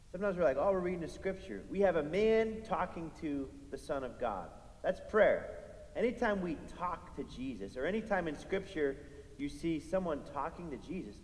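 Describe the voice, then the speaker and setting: A man preaching a sermon in a conversational way that builds to emphatic peaks. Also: a little high. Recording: echoey hall with long reverb.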